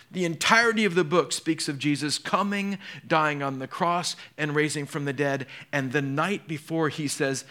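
A man preaching a sermon, swinging from raised emphasis to hushed, slowed quotations. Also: on the high side. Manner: dramatic, swings from loud emphasis to hushed quotes. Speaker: pastor.

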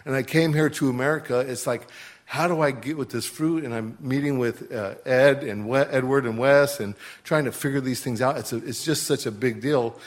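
Middle-aged missionary guy sharing his story in church, sincere, stumbly, average pitch. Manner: heartfelt, halting, with restarts. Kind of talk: testimony in church.

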